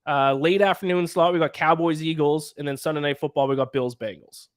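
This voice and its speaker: A man's voice: on the high side, steady tone, fairly quick. Canadian man hosting a sports podcast. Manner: analytical, reels off schedules and odds. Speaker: podcast host. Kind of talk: casual sports podcast chat.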